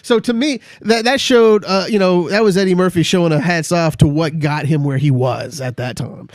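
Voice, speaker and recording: Middle-aged male co-host, halting, restart-heavy delivery, high voice. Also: no echo, studio quality. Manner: halting, many restarts, acts out movie lines. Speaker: podcast co-host. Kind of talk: casual chat about movies.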